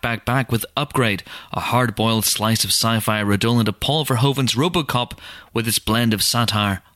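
A man's voice: mid-range voice, a bit bright, no echo, studio quality. A man hosting a podcast, reading a scripted intro and then chatting easily with a guest in a booth. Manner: chatty, quick to laugh. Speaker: podcast host. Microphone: studio mic in a podcast booth.

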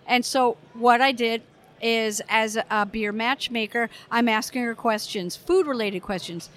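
A middle-aged American woman telling lively anecdotes in an interview, acting out the customers she describes. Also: a little high, normal speed. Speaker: guest, brewer. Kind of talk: conversational storytelling.

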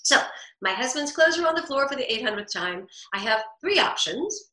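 Bright, animated woman in an echoey room. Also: high voice, moderate pace. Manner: animated, acts out everyday dialogue. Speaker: guest, voice actress. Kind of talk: interview talk.

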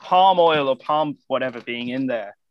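A man's voice: medium pitch, moderate pace, dry recording, highs cut off. A man co-hosting a comedy podcast, rambling through comic riffs in casual chat. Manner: rambling, riffing comic bits. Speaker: podcast co-host.

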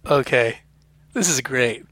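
A man's voice: medium pitch, slow pace, fairly bright tone, no room sound. A young man co-hosting a podcast, rambling through silly jokey bits in casual chat. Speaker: podcast co-host.

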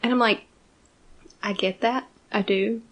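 Her voice a little high and steady, a young fan-podcast co-host speaks without hurrying. She chats casually but argues her points with emphasis and some swearing.

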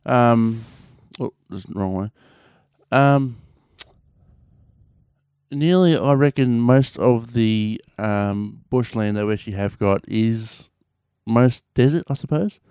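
A man's voice: medium pitch, takes it slowly, a little mellow, clean tone, no echo, clean studio sound. A young Australian man chatting casually on his own show, rambling with lots of fillers and the odd swear word. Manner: rambling, many fillers and restarts, mild swearing. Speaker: podcast host. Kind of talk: casual solo chat.

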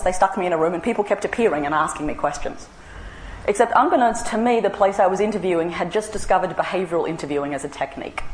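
Fast-talking Australian woman storyteller. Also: mid-range voice, reverberant, a little hiss or hum, rough recording. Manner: wry, lively anecdotes with self-mocking asides. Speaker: speaker giving a talk. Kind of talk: humorous storytelling talk. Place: large room with an audience.

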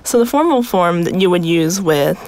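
A woman's voice: fairly low pitch, lively intonation, normal speed, darkish tone. Female guest from America, native Mandarin speaker, patient explainer, casual chat. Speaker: guest teaching Italian phrases.

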